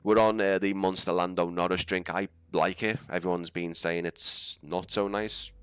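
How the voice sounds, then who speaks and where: A man's voice: low-pitched, steady tone, moderate pace, fairly bright tone, smooth, dry recording. A young man with a Scouse accent, rambling and laughing as he chats through a live stream. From England. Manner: chatty, rambling, laughs often. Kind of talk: casual live-stream chat.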